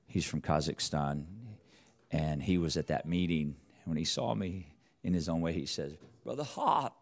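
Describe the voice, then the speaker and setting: A man's voice: fairly even intonation, normal speed, darkish tone. A middle-aged man preaching a sermon, telling a personal story with rambling restarts and rising intensity. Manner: rambling, restarts, rises in pitch and volume as the story builds.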